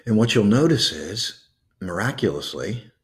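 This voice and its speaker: A man with a low, deep voice leads a slow breathing exercise. He coaxes gently and lets soft pauses hang between his words. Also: big pitch swings. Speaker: host guiding a calming exercise. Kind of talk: guided breathing meditation.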